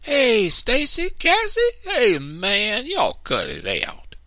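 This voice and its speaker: A man with a gravelly voice voicing a chubby little boy who calls out in a high, whiny voice. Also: wildly swooping pitch, slow pace, pushed and bright, no room sound, studio quality, exaggerated voice. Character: chubby little boy, eager, always lagging behind.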